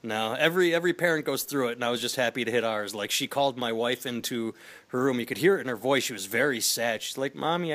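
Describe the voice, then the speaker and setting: Guy in his 30s hosting a podcast, wry and chatty, middle pitch. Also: a bit bright. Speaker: podcast host. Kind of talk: casual podcast chat.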